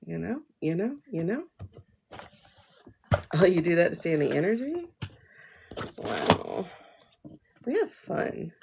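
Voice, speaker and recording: A woman's voice: lowish voice, big pitch swings, takes it slowly, creaky, pauses often, lo-fi sound, noisy background. A woman hosting a casual tarot livestream from home, rambling and chatty, laughing often as she talks to viewers through her phone.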